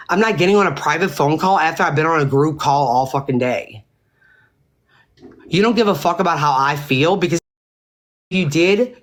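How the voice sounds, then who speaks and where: Woman ranting angrily on a livestream. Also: low-pitched. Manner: angry, profane, exasperated venting. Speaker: livestream host. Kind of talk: heated livestream rant.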